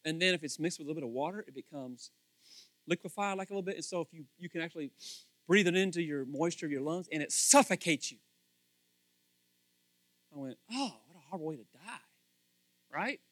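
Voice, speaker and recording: A man preaching a casual sermon, animated and acting out little scenes with different voices. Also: fairly high pitch, quick pace, no room sound.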